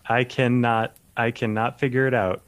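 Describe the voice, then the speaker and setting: A man's voice: mid-range voice, little pitch movement, moderate pace, no echo. A man co-hosting a podcast, chatting casually and easily with some nerdy enthusiasm. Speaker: podcast co-host. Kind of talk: casual chat.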